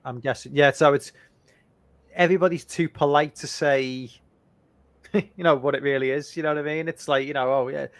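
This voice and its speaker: Man, podcast host, casual chat, rambling, slightly high voice, dry sound. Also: fairly even intonation, moderate pace, dry recording. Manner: rambling, many fillers and restarts.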